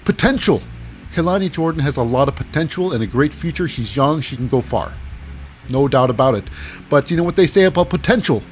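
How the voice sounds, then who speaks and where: A man casually recapping wrestling matches alone, rambling and sarcastic, often acting out what people said in silly voices. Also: a little high. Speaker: wrestling show recap host. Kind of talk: casual solo recap commentary.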